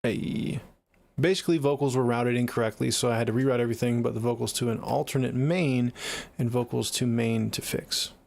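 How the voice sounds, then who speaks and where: A young man with a Seattle accent talks casually on his livestream, answering viewer comments. His voice has a gravelly, creaky edge at an ordinary pitch. He jokes and swears in an easygoing, offhand way. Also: fairly even intonation, a little fast, darkish tone. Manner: laid-back, profane, joking. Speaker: livestreaming music producer.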